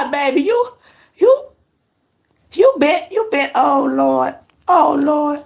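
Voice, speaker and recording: High-voiced woman chatting on a live stream. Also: lively intonation, takes it slowly, vocal fry, pauses often. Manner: chatty, teasing, answers comments aloud. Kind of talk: casual live-stream chat with viewers. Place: her apartment, indoors.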